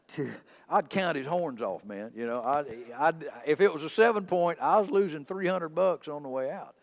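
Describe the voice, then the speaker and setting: A man preaching to his congregation in a church. He tells homespun stories with humor and an easy, conversational manner. His pitch is middle of the road but moves very expressively. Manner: folksy storytelling with humor, animated and conversational. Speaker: pastor. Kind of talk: sermon. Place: church sanctuary.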